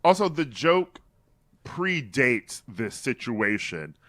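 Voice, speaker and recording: A man co-hosting a podcast in casual pop-culture chat, telling the story with animated delivery and laughing easily. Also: medium pitch, slow pace, dry recording, clean studio sound. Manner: animated storytelling, reads quotes aloud with mock drama, laughs often. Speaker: podcast co-host.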